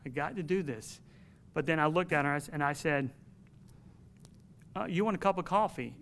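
A man's voice: on the high side, moderate pace, a bit bright, slight background noise. A man preaching a sermon to his congregation in an earnest, emphatic way, telling a personal story.

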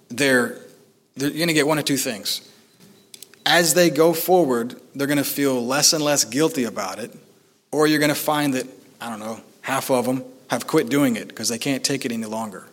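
Middle-aged guy preaching, chatty and easygoing, lots of ums, mid-pitched voice. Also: moderate pace, fairly bright tone. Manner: conversational, with fillers and self-deprecating asides. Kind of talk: sermon.

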